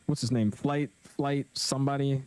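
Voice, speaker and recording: A young man casually commentating his flight simulator live stream, chatting with viewers in a relaxed, slangy way. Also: medium pitch, normal speed, smooth, no echo. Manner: laid-back, chatty, slangy, reads chat aloud.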